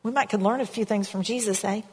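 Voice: mid-range voice, fast, darkish tone, slightly rough. A pastor preaching a sermon in a church, in a conversational way, asking the congregation questions. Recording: reverberant hall sound.

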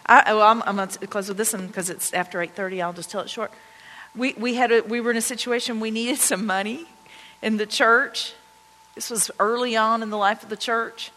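Bright-voiced woman preaching in a reverberant church. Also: a little high, fairly quick. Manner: conversational, anecdotal, excited retelling. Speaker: pastor. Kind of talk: storytelling sermon. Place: church sanctuary. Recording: long church-hall reverb.

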